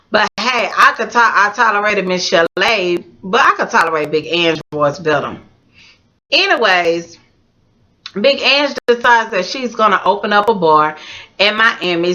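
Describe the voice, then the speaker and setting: Bright-voiced woman chatting a TV recap. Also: mid-range voice, dull audio. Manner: slangy, animated, talks straight to viewers. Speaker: TV recap vlogger. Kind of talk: casual chatty show recap.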